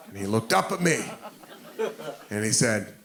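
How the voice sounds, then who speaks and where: A man's voice: fairly low pitch, sing-song, unhurried, vocal fry, a bit bright. An American man doing stand-up storytelling with self-mocking asides, acting out his own panicked thoughts, on a comedy club stage into a handheld mic. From United States. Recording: noisy live club recording.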